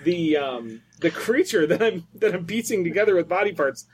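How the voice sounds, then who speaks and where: A man's voice: high voice, expressive, normal speed, a little hiss or hum. A man playing a tabletop role-playing game, chatting casually and laughing often. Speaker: player.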